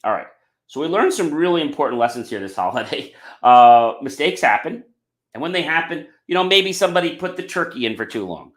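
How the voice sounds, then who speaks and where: A man hosting a podcast and giving a motivational talk, emphatic, often tagging on "okay" and addressing the audience as "ladies and gentlemen.". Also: a little high, animated, fairly quick. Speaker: podcast host. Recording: roomy echo.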